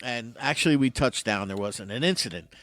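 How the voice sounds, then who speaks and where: A man in his sixties hosts a radio show in relaxed chat, spinning an anecdote and slipping into the voices of the people in it. His pitch swings widely as he talks. The studio sound is dry and close. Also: brisk, dry recording. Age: 60s. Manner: animated storyteller who acts out other people's lines. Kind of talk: casual radio chat, storytelling.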